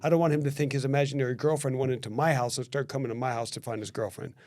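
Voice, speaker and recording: A man telling a story on a podcast in casual chat. He acts out the quoted lines and often restarts his phrases. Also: mid-range voice. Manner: animated storyteller who acts out quoted dialogue; quick, repetitive restarts.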